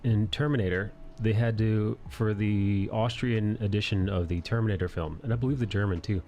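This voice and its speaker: A man's voice: on the low side, fairly even intonation, fairly quick, a little mellow, dull audio, a little hiss or hum. A man hosting a casual livestream chat, rambling, swearing freely and laughing often. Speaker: livestream host. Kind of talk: casual chat while drawing.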